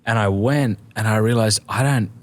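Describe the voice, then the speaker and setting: A man's voice: lowish voice, moderate pace. A man hosting a podcast interview, conversational and asking questions. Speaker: podcast host. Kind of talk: casual interview talk.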